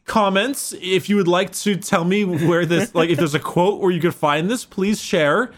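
A man's voice: high-pitched, normal speed. A man hosting a casual podcast, rambling and full of fillers as he explains. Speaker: podcast host.

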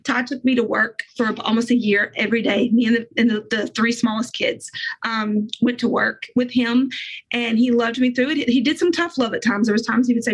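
Husky woman sharing an emotional testimony. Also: a little high, steady tone, poor audio. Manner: earnest, emotional, fast bursts of speech. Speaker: guest. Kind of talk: faith testimony interview.

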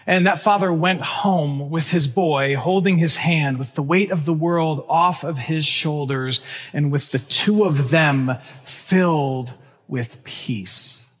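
Higher-voiced guy preaching, earnest, leans on key words, echo of a big church. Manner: earnest, emphatic, slows on key phrases. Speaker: pastor. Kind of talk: sermon. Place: church sanctuary. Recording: long church reverb.

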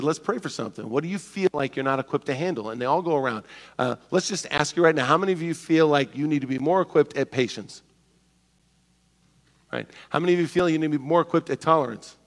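A man preaching a sermon as pastor, animated and joking, acting out the voices of people in his stories. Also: a little high, big-room sound. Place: church sanctuary.

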